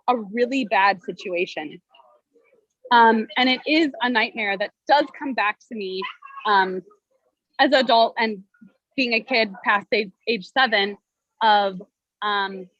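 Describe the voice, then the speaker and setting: A woman's voice: on the high side, unhurried, pushed and bright, no room sound. Chatty young woman telling a story. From Cleveland, Ohio. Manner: casual, chatty, many "um"s and "like"s. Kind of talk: personal storytelling over video call. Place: outdoors at a state fair. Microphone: video call. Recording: dull lo-fi video call audio.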